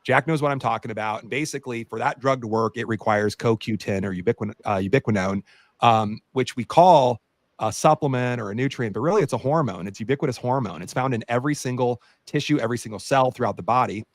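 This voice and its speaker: A man co-hosting a podcast, a doctor telling an animated story in casual chat with many fillers. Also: mid-range voice, fast, no echo.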